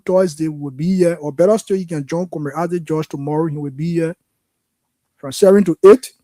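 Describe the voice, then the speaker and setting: Hosting a political call-in radio show, a man with a Liberian accent and a high-sitting, warm voice speaks with impassioned frustration. The recording has no room sound.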